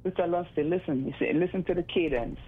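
A woman's voice: on the low side, fast, husky. A blunt Jamaican woman calls in to a radio show and talks straight from the hip. She slides between plain English and patois as she goes. Her voice comes through a thin, tinny phone line. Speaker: caller. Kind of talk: call-in radio chat.

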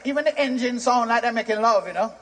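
A Jamaican man from Jamaica performing stand-up comedy, animated and shouting his punchlines in patois. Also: very high-pitched, fast talker, heavy background noise.

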